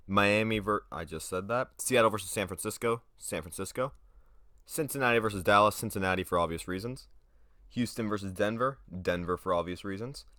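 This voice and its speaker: A man's voice: on the low side, fairly quick, sharp tone, dry recording, clean studio sound. A young man talking casually through sports predictions on his own video, rambling, trailing off and correcting himself as he goes.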